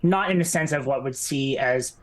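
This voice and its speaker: A man's voice: mid-range voice, moderate pace. A man playing a tabletop game, describing his character's thoughts in a rambling, hesitant way. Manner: rambling, hesitant, many restarts. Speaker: player.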